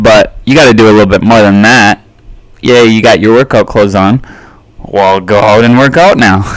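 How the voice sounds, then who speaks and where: A man hosting his own solo podcast, talking casually in a relaxed, rambling way with lots of fillers and little chuckles. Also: mid-range voice, dry recording. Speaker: podcast host.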